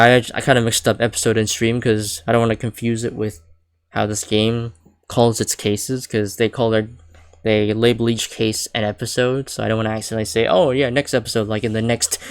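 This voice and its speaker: A man's voice: lowish voice, clean tone. Young male streamer, casual live commentary, rambling, lots of self-corrections. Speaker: streamer playing a video game.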